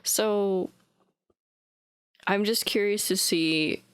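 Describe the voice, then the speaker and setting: A woman's voice: mid-range voice, very slow, clean tone, dry recording. A young woman with a mid-range voice chats in an offhand, easygoing way, dropping "like" often. The sound is dry and close-miked. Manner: flat, offhand, with frequent likes. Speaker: podcast co-host. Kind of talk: casual chat.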